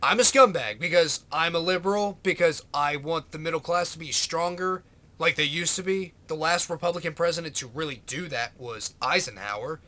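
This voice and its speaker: Man, high-pitched, sarcastic, profane, exasperated political rant to camera. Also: normal speed, pushed and bright. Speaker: vlogger.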